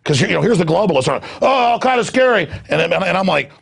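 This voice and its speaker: Gravelly ranting male news host. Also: very fast. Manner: ranting, mocks others in shrill put-on voices. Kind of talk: impassioned political monologue.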